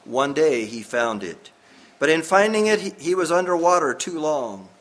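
A man voicing an old, devout and stubborn pearl diver who speaks slowly and solemnly in a hushed voice. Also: a little high, sing-song. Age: older.

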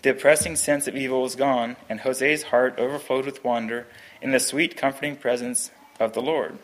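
A man's voice: medium pitch, fairly even intonation, moderate pace. A man reading a Christian story aloud in an earnest, plain storytelling manner, then chatting about it. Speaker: reader.

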